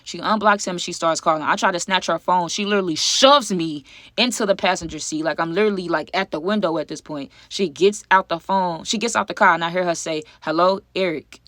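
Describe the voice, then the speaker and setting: A woman's voice: fairly low pitch, a little fast, a bit bright. A young woman telling a dramatic personal story to her viewers in a chatty, casual way. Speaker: YouTube storyteller. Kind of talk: casual story time to camera.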